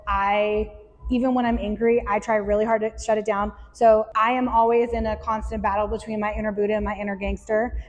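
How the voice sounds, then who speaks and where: A woman with a slightly high voice talks earnestly to a small group, animated and now and then acting out little inner voices. Her voice carries a long reverb from the room around her. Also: muffled recording. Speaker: podcast host and breath work facilitator. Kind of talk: candid talk to a live group.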